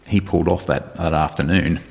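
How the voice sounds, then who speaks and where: A middle-aged man, a retired soldier, telling stories in a relaxed, conversational way as a podcast guest. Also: low voice, fairly quick, creaky. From Australia. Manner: relaxed storyteller, retells dialogue, light laughs. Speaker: guest, retired special forces sergeant major. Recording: reverberant room.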